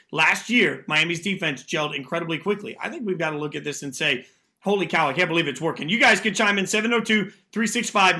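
A radio host runs a sports talk show, talking energetically about football and taking calls from listeners. His voice sits high and has a sharp tone.

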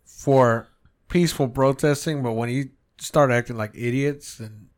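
A man hosting a podcast in casual chat, swearing a lot and animated, slipping into mocking impressions. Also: mid-range voice, measured pace. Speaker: podcast host.

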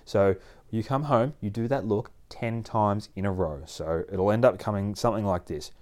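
A man explaining dog training in a casual, animated way, often laughing and acting out his dog. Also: on the low side, normal speed. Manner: animated, acts out dogs and people in playful voices, laughs often. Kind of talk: casual instructional talk.

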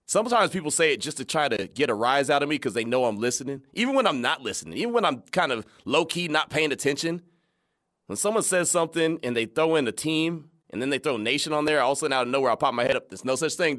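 Male radio host, conversational storyteller, lively pitch, quotes people in their voices. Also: fast. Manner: animated, laughing, retells scenes in quoted voices. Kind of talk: casual radio talk and storytelling.

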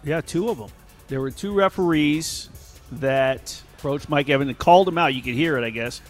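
A man co-hosting a casual sports talk show, calmly explaining a news item with small hedges. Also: on the high side, normal speed, soft background music. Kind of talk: casual sports radio chat.

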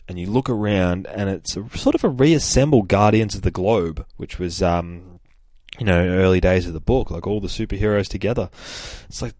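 A man's voice: sits low, moderate pace, a little mellow, dry recording. A man reading through a comic at home, chatting casually, swearing and using many fillers, keeping his voice down so he won't wake a sleeping child. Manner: holds his voice down. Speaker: comic book reader. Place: home with a child asleep nearby.

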